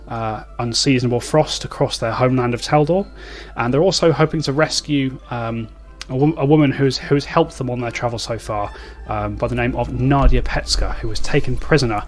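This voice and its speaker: A British man running a tabletop game, recapping the story with many ums and uhs and a wry tone. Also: mid-range voice. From Britain. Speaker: game master.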